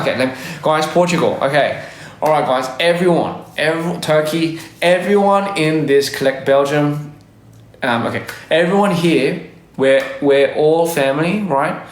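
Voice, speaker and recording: A man on a casual livestream, giving upbeat, rambling shout-outs to fans and stumbling over his words. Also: fairly high pitch. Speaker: musician hosting a live stream. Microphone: phone livestream. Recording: echoey room.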